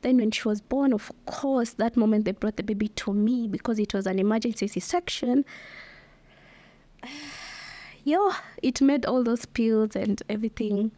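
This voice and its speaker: A young woman talks openly on her solo podcast, expressive and laughing often as she speaks to her listeners. Her voice sits a little high. The sound is dry and close, with no room echo. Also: normal speed. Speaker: podcast host. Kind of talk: candid solo podcast talk.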